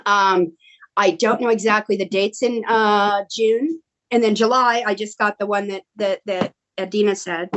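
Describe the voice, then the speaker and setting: A middle-aged American woman, a guest actress on a video call, tells stories at a measured pace in casual conversation, and the recording's highs are cut off. She stays animated, acting out quotes in a high voice.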